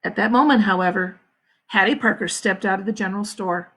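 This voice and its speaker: A woman school principal reading a novel aloud to her students with expressive storytelling. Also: medium pitch, fairly quick. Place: home, livestream.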